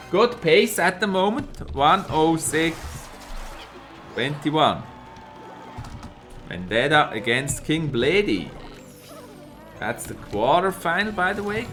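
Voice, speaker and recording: Excitable Swiss German game caster. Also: male voice, a little high. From Switzerland. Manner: excitable, chatty, reads out chat and laughs. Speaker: esports caster and streamer. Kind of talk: live game commentary.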